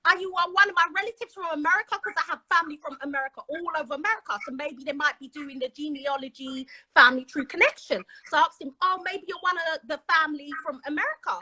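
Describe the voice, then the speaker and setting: A woman's voice: high voice, quick pace, hardly any pauses, bright, forceful tone, low-quality recording. A British woman telling a personal story in casual chat, acting out the dialogue as she goes. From Britain. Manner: chatty, dramatic, acts out quoted dialogue. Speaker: guest.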